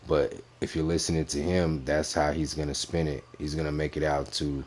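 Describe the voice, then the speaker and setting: A man with an extremely deep voice delivers profane reaction commentary on a clip. He is blunt and mocking and hammers each point home by repeating it. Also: steady tone, normal speed, few pauses, darkish tone. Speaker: commentary host reviewing clips.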